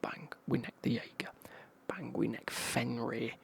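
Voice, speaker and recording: Husky whispering English man telling stories. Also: mid-range voice, fairly even intonation, unhurried. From England. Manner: chatty, casual anecdote telling with slang. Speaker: ASMR creator. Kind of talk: whispered ASMR storytelling.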